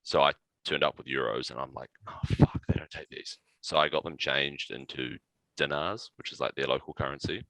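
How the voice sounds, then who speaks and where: A man, a podcast guest telling a road-trip story in casual, swearing, animated chat. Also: very deep voice, brisk, no room sound, rough recording. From New Zealand. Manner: animated anecdote-telling with profanity and laughs.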